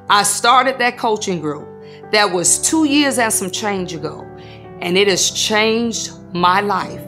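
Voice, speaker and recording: A woman's voice: on the high side, bright, forceful tone. A woman salon business coach giving an earnest, emotional testimony in a documentary interview, with a preacherly rhythm.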